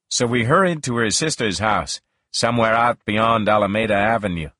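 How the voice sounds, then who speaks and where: A man reading a first-person novel aloud in a slow, measured, expressive way. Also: fairly low pitch, no room sound, clean studio sound. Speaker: audiobook narrator.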